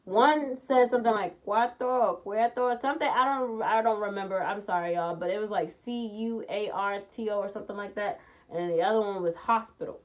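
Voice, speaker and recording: A woman vlogger telling a personal story in a blunt, profane, animated way, jumping from loud outbursts to low muttering. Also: fairly quick. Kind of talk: casual storytime vlog.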